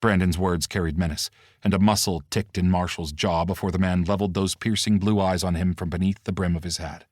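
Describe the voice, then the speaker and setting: A male audiobook narrator with a low-pitched voice, reading in a steady, expressive storytelling manner. The recording is very dry and close, with no room sound. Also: a little fast, no echo.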